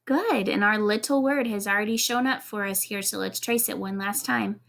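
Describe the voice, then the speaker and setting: A woman teaching kindergarten in a video lesson, encouraging and clear, spelling out letters one at a time for young children. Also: mid-range voice, moderate pace, fairly bright tone.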